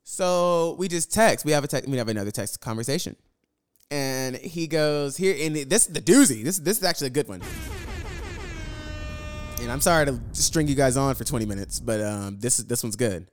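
A man's voice: medium pitch, lively intonation, moderate pace, soft background music. A young man telling viewers a storytime rant about his roommate, exasperated and profane, repeating phrases for emphasis. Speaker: vlogger.

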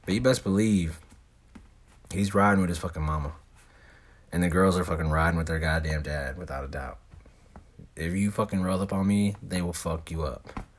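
Young male host, low husky voice, loose slangy storyteller who swears constantly. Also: normal speed, pauses often. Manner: heavy swearing, laid-back slangy rambling. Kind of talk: casual storytelling.

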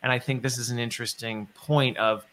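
A man's voice: medium pitch, fairly even intonation, fairly quick, fairly bright tone. A man hosting a conversational interview, thinking aloud and often rephrasing himself mid-sentence. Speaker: podcast host.

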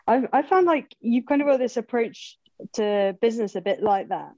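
A woman's voice: on the high side, expressive, normal speed, a little mellow, no room sound. A young woman hosts a casual podcast chat, talking in a chatty way with plenty of "like" fillers. Her voice sounds dull and muffled. It is very dry, with no room behind it. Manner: chatty, lots of "like", laughs along. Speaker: podcast host.

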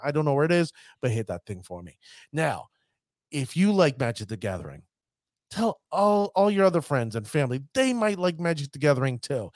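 A man hosting a podcast with a somewhat high voice, hyping things up like a showman and stretching words for emphasis. The sound is dry and close, with no room in it. He keeps a loose, chatty manner between the big announcements. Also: no room sound. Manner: showman-like hype, drawn-out emphasis. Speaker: podcast host. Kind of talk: casual podcast chat.

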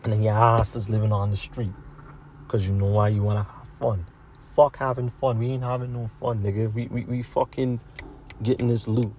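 A man's voice: on the low side, level tone, normal speed, a little mellow. Blunt swearing man ranting by a street. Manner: blunt, repetitive, heavy slang and swearing. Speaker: vlogger. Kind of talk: profane motivational rant to camera. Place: outdoors near a street with passing cars. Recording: faint street noise with traffic.

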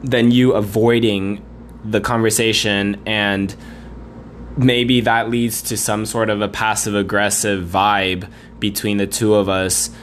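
A man talks through his own podcast episode in a loose, rambling monologue. His voice sits fairly low, and his delivery is blunt and conversational. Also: level tone, takes it slowly, a little hiss or hum. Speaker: podcast host.

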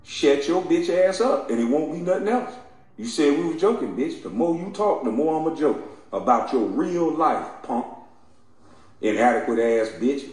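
A man's voice: mid-range voice, animated, normal speed, a little mellow. Man ranting in a very echoey room. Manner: taunting, mocking, laughing between insults. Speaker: commentator. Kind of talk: profane heated rant. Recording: very echoey room with faint music.

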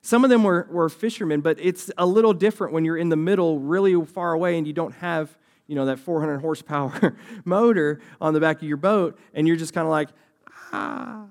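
A young man delivering a sermon as a youth pastor, with a somewhat higher voice. He keeps it conversational and lively, and now and then acts out the voices of people in the story. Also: a little fast, few pauses.

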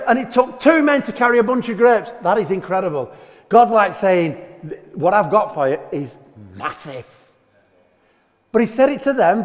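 Animated pastor preaching, pitched high, reverb of a church hall. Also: male voice. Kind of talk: sermon.

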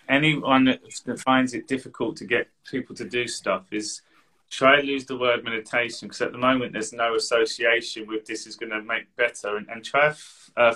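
A man's voice: medium pitch, pushed and bright, poor audio. A man co-hosting a live session, giving casual, earnest advice, rambling and repeating words. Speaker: co-host meditation coach.

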